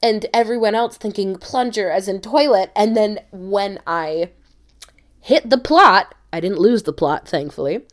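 Young American woman, podcast host, casual animated storytelling, mid-range voice. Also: mid-range voice. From United States. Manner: animated, quick restarts.

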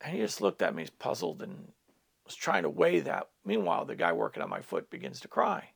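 Gravelly, lively middle-aged male pastor. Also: a little high, fairly quick. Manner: earnest storytelling with asides to listeners. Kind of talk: personal testimony in a teaching talk.

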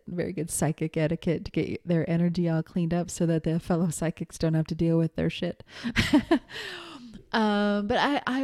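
A woman's voice: on the low side, warm tone. A middle-aged woman teaching fellow psychics in a loose, conversational way, with frequent fillers and laughs. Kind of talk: casual spoken teaching.

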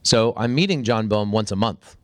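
Lowish voiced guy on a podcast telling a story, gets animated, dry close sound. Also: moderate pace, no echo. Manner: animated storyteller, voice jumps up when excited. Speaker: podcast guest.

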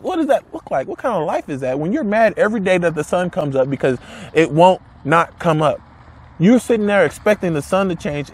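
A man's voice: high-pitched, darkish tone, husky. A man giving an emphatic, casual motivational talk to camera, repeating his points and asking rhetorical questions, with blunt wording. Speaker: motivational speaker.

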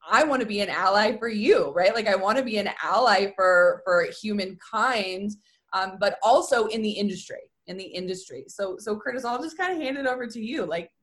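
A woman's voice: mid-range voice, fairly bright tone. A woman hosting an interview, talking in an earnest, chatty way with many "like" and "um" fillers. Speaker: host. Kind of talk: conversational interview.

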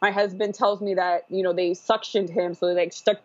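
A woman's voice: fairly low pitch, steady tone, brisk, darkish tone, no room sound. A woman telling her own story as a podcast guest, rambling with fillers and restarts. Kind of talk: casual personal storytelling. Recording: dull, dry podcast audio.

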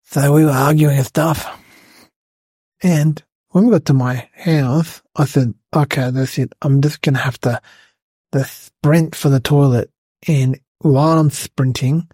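A man voicing an excitable, rambling young schoolboy, telling a comedic story. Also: medium pitch, breathy edge, no room sound. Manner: breathless rambling storyteller, lots of "like" and "guys".

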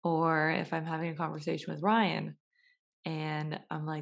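A young woman talks casually and motivationally, chatting along and slipping into quick little voices to act out everyday scenes. Her voice sits a bit low and has a gravelly, fry-tinged edge. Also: little pitch movement, a bit bright.

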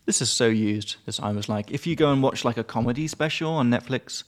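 A chatty man co-hosting a relaxed language podcast. He has a mid-pitched voice and sounds upbeat, and he explains each word with quick everyday examples. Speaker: podcast co-host. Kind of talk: casual language-learning podcast chat.

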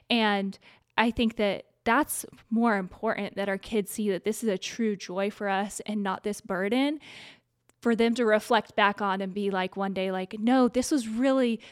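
A woman's voice: medium pitch, no room sound, studio quality. Enthusiastic woman hosting an interview. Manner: enthusiastic, gushing, quick to laugh. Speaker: interview host. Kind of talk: casual interview chat.

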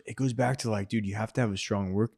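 A man's voice: on the low side, fairly even intonation, fast talker, darkish tone. A man hosting a casual chat, laughing often and talking loosely in slang. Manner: laughs often, slangy, says bro and dude. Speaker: podcast host and actor.

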